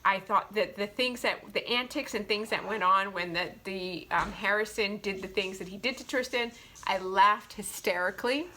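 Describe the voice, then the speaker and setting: A woman's voice: medium pitch, normal speed, sharp tone. A young adult woman chatting heartfelt about romance novels, filling her talk with "like". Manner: heartfelt, chatty, full of "like" fillers. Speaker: booktuber reviewing romance novels. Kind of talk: casual book review chat.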